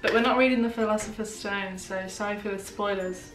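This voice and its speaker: A woman's voice: medium pitch, fairly even intonation, a little fast, slight background noise. Teasing young woman, echoey room. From Birmingham, England. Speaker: guest, drama student. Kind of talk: casual chat. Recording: roomy, mic at a distance.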